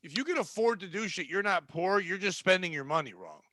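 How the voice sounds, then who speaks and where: A man's voice: sits high, animated, a little fast, bright, forceful tone, no room sound, clean studio sound. A man in his forties, co-hosting a comedy podcast, telling stories in a profane, exasperated rant. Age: 40s. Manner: profane, ranting, exasperated storyteller. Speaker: podcast co-host. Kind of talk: comedic podcast banter and storytelling.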